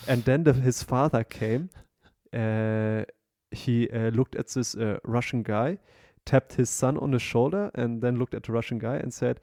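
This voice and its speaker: Mellow-voiced man telling a story. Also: mid-range voice, dry recording, clean studio sound. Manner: storytelling with many fillers and quick laughs. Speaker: podcast co-host. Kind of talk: casual chat.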